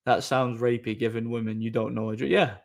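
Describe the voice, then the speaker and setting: A man's voice: mid-range voice, little pitch movement, a little fast, creaky. A man chatting casually on a live stream, reading viewer messages aloud, rambling with repeated words and frequent laughter.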